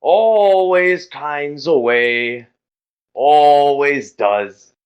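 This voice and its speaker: A man's voice: fairly high pitch, pitched above the performer's own voice. A man voicing a jolly but judgmental brass creature with a tuba for a head, drawing out his words. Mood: solemn. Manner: slow drawn-out proclamations. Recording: muffled lo-fi audio.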